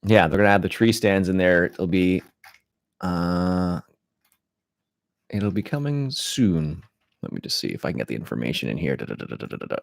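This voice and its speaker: A man talks low and easygoing to his stream chat. He drifts from thought to thought with plenty of fillers and restarts. His voice sits close and dry, with no room sound. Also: moderate pace, vocal fry, pauses often, dry recording. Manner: rambling, relaxed, frequent restarts and fillers. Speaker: gaming channel host. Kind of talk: casual live-stream chat.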